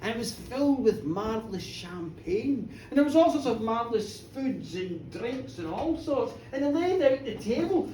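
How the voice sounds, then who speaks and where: Irish woman storyteller, high-pitched, mellow tone, roomy pub, heard from afar. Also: a little hiss or hum. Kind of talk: live folk tale storytelling. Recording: echoey pub from far off. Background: faint pub ambience.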